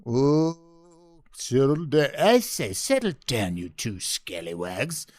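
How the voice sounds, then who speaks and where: A man's voice: medium pitch, wildly swooping pitch, slow. A man doing a pompous posh old statesman. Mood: scolding. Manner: plummy, fussy, condescending. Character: pompous posh male elder statesman scolding.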